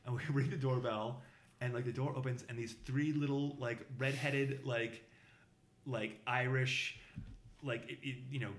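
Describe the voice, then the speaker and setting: A middle-aged man from the Boston area telling a long anecdote in casual conversation, halting with many fillers and restarts and mimicking other people's voices in much higher tones. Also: steady tone. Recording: roomy echo.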